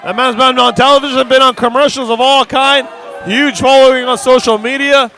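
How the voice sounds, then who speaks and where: Excited high-voiced wrestling commentator. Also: male voice, brisk, some chatter behind. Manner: excited, hyping, wry asides. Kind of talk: live color commentary.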